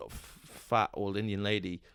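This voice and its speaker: A man's voice: on the low side, level tone, measured pace, a bit bright, clean tone. A man co-hosting a podcast, telling crude, rambling stories in a casual comedic chat. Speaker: podcast co-host.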